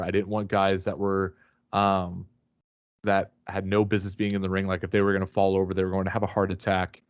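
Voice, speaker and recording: A man's voice: on the low side, clean tone, dry recording, muffled recording. A man guest on a remote call, telling a rambling, swear-filled story with many fillers and restarts. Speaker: podcast guest, wrestler. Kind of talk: casual storytelling chat.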